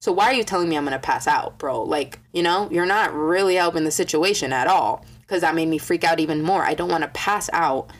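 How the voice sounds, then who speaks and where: A young woman telling a story in a casual vlog, swearing a lot and acting out quotes with animated energy. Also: low voice, brisk, hardly any pauses. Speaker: vlogger.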